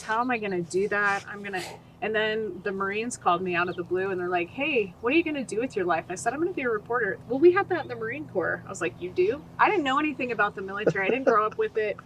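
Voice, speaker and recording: Animated storytelling woman from Utah. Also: a little high, slight background noise, rough recording. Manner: animated, acts out quoted voices. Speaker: guest. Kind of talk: storytelling interview.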